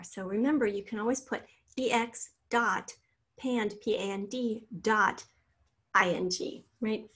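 A woman teacher giving a recorded spelling lesson over slides, spelling out letters slowly and patiently. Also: medium pitch, breathy edge.

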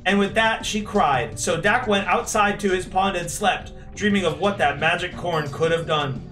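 A man's voice: high voice, moderate pace, fairly bright tone, faint music behind. A young man on a stream, reading his old school story aloud and laughing at it. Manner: amused, laughing often.

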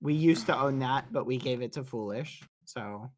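A man giving a rambling tour during a game role-play. He talks haltingly with many fillers and breaks into high, shocked yelps when flustered. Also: a little hiss or hum. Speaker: streamer showing his base. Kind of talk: casual role-play chat while gaming.

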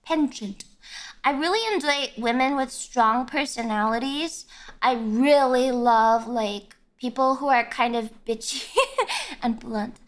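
A woman's voice: fairly high pitch, takes it slowly. A woman streamer chatting casually on a live stream, giggly and self-mocking, often bursting into squeals.

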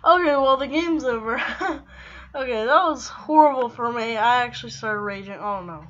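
Bright-voiced young woman gaming. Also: a little high, fairly quick, muffled recording, slight background noise. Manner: flustered, exclaiming, trailing off. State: out of breath. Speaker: gaming video host. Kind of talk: casual gameplay commentary.

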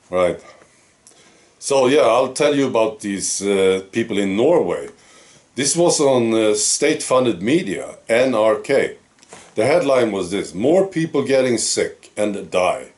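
A man's voice: mid-range voice, a little mellow. A man with a Swedish accent, hosting his own channel and mocking the news in a casual, amused monologue. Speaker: commentary channel host.

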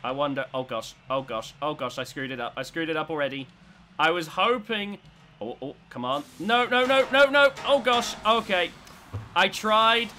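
A man giving excitable commentary as he plays a robot combat video game, swinging between tense muttering and loud cheering. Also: fairly high pitch, moderate pace, faint music behind. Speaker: gaming YouTuber.

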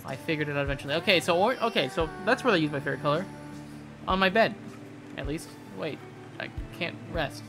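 A streamer talks through a game in a mid-pitched voice, muttering half-finished questions and rambling loosely. Game music plays clearly behind the commentary. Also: fast talker. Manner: muttering, rambling, confused self-talk. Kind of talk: casual gameplay commentary.

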